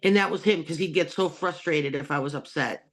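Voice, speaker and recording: A woman hosting a talk show over a video call, chatty and quick to laugh. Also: sits low. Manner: chatty, laughs between stories. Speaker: host. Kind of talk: casual chat.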